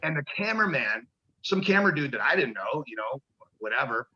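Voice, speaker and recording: A man's voice: medium pitch, very animated, brisk, bright, forceful tone, dull audio. A man, a pro wrestler, telling rambling, profane stories in a casual interview and acting out the voices of people he quotes.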